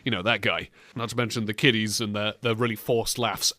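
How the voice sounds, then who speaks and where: A man's voice: on the low side, steady tone, a little fast, sharp tone, no echo, clean studio sound. A man hosting a podcast in casual comedic banter, mocking clips and bursting into silly impressions. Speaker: podcast host.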